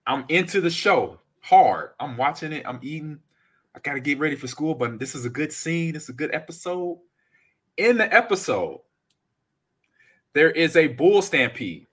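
A man in his forties co-hosting a casual podcast chat, reading out chat comments and acting out stories loudly. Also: a little high, moderate pace, breathy edge. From California. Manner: animated storyteller, acts out scenes loudly. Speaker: podcast co-host.

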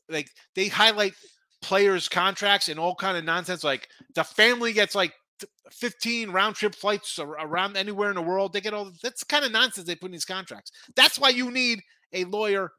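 High, bright-voiced betting show host. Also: male voice, fairly quick, dry recording. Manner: rambling, opinionated, with frequent restarts. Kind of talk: casual sports betting talk.

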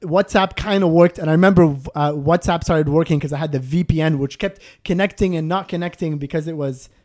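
A man in casual podcast chat, telling a travel story with lots of acted-out moments and laughter. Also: fairly quick. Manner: animated, acts out scenes with rising pitch, laughs often.

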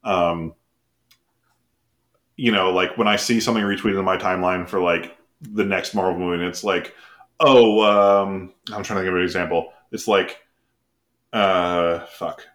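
A man's voice: low-pitched, fairly even intonation, normal speed, fairly bright tone. A man co-hosting a podcast, chatting casually, rambling with laughs, swearing and mock voices. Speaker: podcast co-host. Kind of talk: casual chat.

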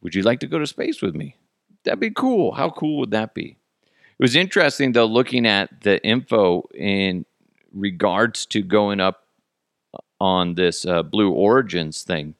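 A man's voice: lowish voice, expressive, unhurried, creaky, dry recording, clean studio sound. A man hosting a radio show, rambling through a casual comedic monologue with goofy, profane jokes and laughter. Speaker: radio host.

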